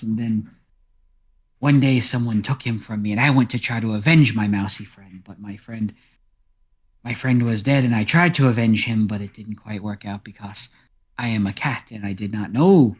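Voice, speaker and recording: A jittery talking farm cat, as a game master puts it on, rambling and circling back on its own words. The voice wanders up and down in pitch. It comes across as part of a tabletop role-play session. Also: male voice, husky, close to an everyday voice. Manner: rambling, repeats itself.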